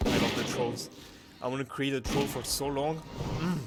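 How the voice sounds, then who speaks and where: Rambling gamer over loud music. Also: male voice, medium pitch, moderate pace. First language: French. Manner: rambling, thinking aloud with many fillers. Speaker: game streamer. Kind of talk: casual gameplay commentary. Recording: loud game music behind voice.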